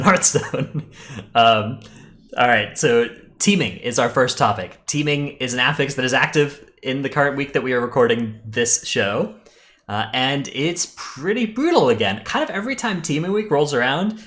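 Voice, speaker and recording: A man's voice: medium pitch, fairly bright tone. A man co-hosting a live-streamed gaming podcast in casual chat, talking easily with many fillers and restarts. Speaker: podcast co-host.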